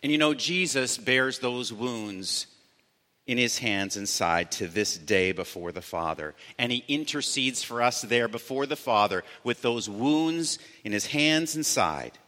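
A man preaching a sermon as pastor, earnest, slowing down to stress key words. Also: mid-range voice, expressive, sharp tone. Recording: long church reverb.

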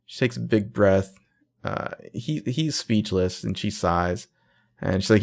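Low-voiced man recapping a show. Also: fairly quick, vocal fry. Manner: retells scenes by acting out the characters' lines. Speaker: podcast co-host recapping a TV episode. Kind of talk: casual chat.

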